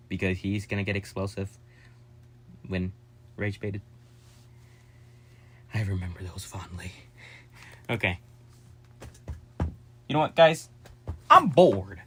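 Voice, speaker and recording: A man chatting casually and excitably to his viewers, jumping from topic to topic with quick asides and jokes. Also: lowish voice, slight background noise. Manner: addresses viewers as "guys", quick asides and joking. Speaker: vlogger. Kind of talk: casual rambling vlog chat to viewers.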